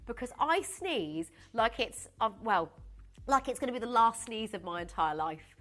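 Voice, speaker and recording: Excitable high-voiced woman presenting live. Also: normal speed, faint music behind. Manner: excitable, giggly, flustered, chatty. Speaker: shopping channel presenter. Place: TV studio.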